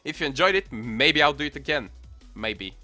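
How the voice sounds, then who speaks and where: A young man casually commenting on a mobile game as he plays, excitable, muttering to himself and swearing often. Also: medium pitch, normal speed. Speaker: gaming channel host. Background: faint music playlist.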